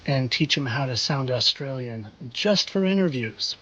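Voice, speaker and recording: A man's voice: medium pitch, lively intonation, normal speed, bright, forceful tone, lo-fi sound. A man hosting a commentary video, speaking in a knowing, rhetorical way and repeating phrases for effect. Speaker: video host. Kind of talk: insinuating commentary monologue.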